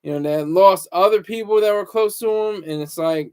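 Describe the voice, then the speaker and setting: High-voiced man rambling in a reflective monologue. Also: darkish tone, smooth. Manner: halting and rambling, repeats words, many fillers. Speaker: show host. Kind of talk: solo talk-show monologue.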